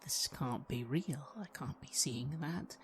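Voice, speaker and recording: A woman player speaking in character in a tabletop horror game, anxious and halting, with frequent stammers. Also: very deep voice, a little hiss or hum.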